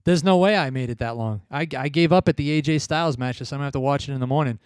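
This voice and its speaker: A man's voice: medium pitch, racing, clean tone, dry recording, studio quality. A man hosting a wrestling podcast in casual chat, laid-back, laughing and swearing now and then. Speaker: podcast host.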